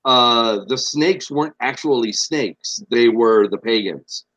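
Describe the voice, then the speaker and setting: A man's voice: mid-range voice, slow, a bit bright, no echo, poor audio. Laid-back young man, blunt and casual. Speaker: podcast co-host. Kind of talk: casual chat.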